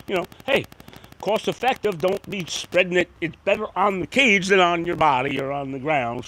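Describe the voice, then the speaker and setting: A man's voice: a little high, fairly bright tone, a little hiss or hum, rough recording. A man hosting a casual live stream about his oyster farm, talking in an exuberant, rambling way with many restarts.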